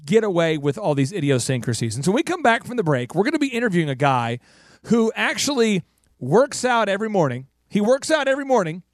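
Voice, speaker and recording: A high, lively middle-aged man hosts a casual talk show, telling stories with lots of laughter and restarts. His voice bounces around in pitch. It is recorded close and dry, with no room sound. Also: fast talker, no echo. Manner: animated storytelling, laughing and restarting sentences. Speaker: host.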